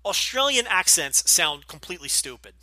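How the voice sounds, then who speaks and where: Middle-aged podcast host from New Jersey, light Jersey accent, bright and sharp tone, blunt and profane, dry close mic. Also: male voice, high-pitched, sing-song, moderate pace, no echo. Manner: blunt, profane, rambling with many fillers. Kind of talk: casual Q&A podcast.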